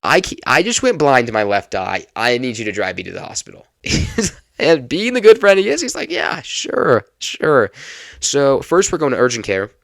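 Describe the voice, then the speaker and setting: A young adult man hosting a podcast, telling a personal story in a lively, casual way and laughing now and then. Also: mid-range voice, a little fast, vocal fry, dry recording, clean studio sound. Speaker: podcast host.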